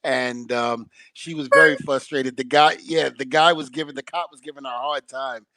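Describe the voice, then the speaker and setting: A man's voice: mid-range voice, fairly even intonation, moderate pace, sharp tone, no echo. A man co-hosting a casual chat, playful and teasing, often laughing. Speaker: co-host.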